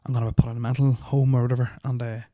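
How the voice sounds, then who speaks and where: A young man tells a story at speed, tumbling through fillers, restarts and swearing with nervous unease. His voice is mellow and fairly flat in pitch. The sound is dry, with no room echo. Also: rapid-fire. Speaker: podcast host. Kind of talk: casual storytelling of personal experiences.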